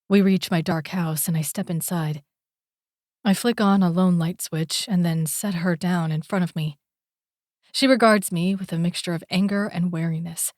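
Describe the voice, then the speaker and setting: Slow, deliberate woman narrating an audiobook. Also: fairly low pitch, darkish tone, no echo, clean studio sound. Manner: slow, deliberate, intimate reading. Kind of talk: first-person romance audiobook narration.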